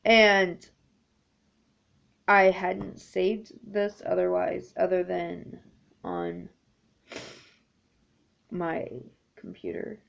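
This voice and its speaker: Slow, gravelly woman vlogger. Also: on the low side, lively intonation. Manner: chatty and rambling, with frequent ums. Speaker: needlework vlogger. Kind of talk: casual chat to camera. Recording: dull lo-fi home recording.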